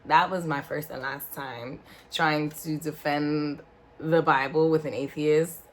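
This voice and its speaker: A low-voiced woman tells a personal story as a casual vlog. Her delivery is animated and exclamatory, full of slangy asides. A faint hum of room ambience sits behind her. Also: slow pace. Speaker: vlogger. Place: indoor room in front of a backdrop.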